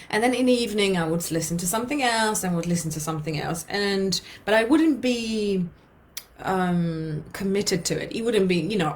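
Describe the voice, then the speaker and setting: A woman from Poland telling a personal story in a chatty way that circles back on itself, with a lot of fillers and repeats. Her voice sits a little low for a woman. She comes across as an emotional, open storyteller. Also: expressive, brisk. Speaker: hypnotherapist and podcast host. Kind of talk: personal storytelling, casual monologue.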